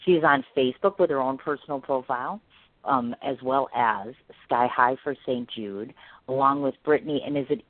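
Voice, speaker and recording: A woman's voice: a bass voice, normal speed, no echo. A woman hosting an interview podcast, effusive and gushing in her praise. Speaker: podcast host. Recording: phone-like line, dry.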